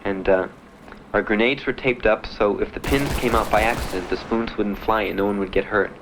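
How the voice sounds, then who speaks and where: Against a noisy background, a young veteran from Miami in the United States tells his own story at a moderate pace in a steady tone, his voice on the low side. It is candid spoken testimony delivered bluntly and matter-of-factly with dry laughs.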